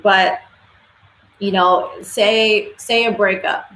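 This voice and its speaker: A woman's voice: medium pitch, fairly even intonation, takes it slowly, a bit bright. Blunt, swearing woman streamer, echoey room. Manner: blunt, opinionated, swears freely. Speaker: livestream host. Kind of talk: casual live-stream commentary. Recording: echoey room with faint ambience.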